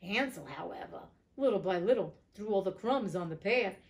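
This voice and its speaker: Lady reading a fairy tale aloud, cuts in with sassy cussing asides, middle pitch that jumps way up when she gets worked up. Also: animated, normal speed. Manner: blunt, profane, indignant asides. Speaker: audiobook reader and host.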